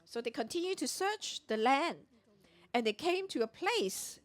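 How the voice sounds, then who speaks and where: Woman, sermon, high voice, very animated pitch, Bible teaching, acts out quoted dialogue. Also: a little slow. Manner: retells scripture with voiced dialogue. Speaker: preacher at morning prayer.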